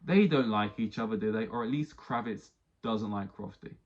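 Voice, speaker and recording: A man's voice: on the low side, normal speed, highs cut off. A man hosting a podcast, ranting casually with lots of swearing and rambling restarts. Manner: rambling, heavy swearing, exasperated. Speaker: podcast host. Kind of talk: casual solo podcast rant.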